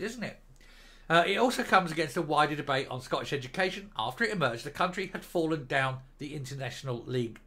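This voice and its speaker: A man's voice: a little high, sharp tone. Sarcastic older man ranting. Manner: sarcastic, mocking, scornful. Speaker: political commentary host. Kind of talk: reading news and ranting.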